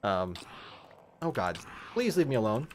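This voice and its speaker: Man, streamer, casual game chat, rambling, lots of fillers, lively up-and-down pitch, middle pitch. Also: a little slow, a little hiss or hum. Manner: rambling, thinking aloud with many fillers. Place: at home.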